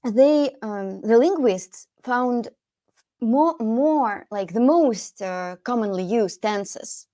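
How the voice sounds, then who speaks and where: A woman with a Russian accent who hosts a podcast as an English teacher, speaking English hesitantly and pausing to search for words. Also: a little high, animated, mellow. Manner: hesitant, many fillers while searching for words. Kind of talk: podcast conversation.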